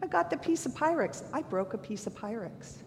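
A woman's voice: expressive, fairly quick. An older woman giving a sermon, earnest and candid, mixing scripture with self-deprecating stories from her own life. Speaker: preacher. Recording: long hall reverb, faint rumble.

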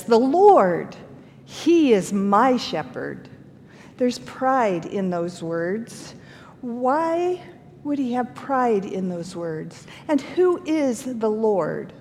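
A woman with a slightly high voice teaches a Bible lesson in an earnest way and asks her listeners questions. The room has a long reverb, and a faint low rumble sits underneath. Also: a little mellow.

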